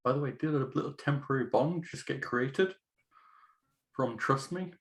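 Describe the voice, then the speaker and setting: A man's voice: mid-range voice, normal speed. A man playing a tabletop role-playing game, asking about the rules and declaring his character's actions. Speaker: player. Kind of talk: casual tabletop play.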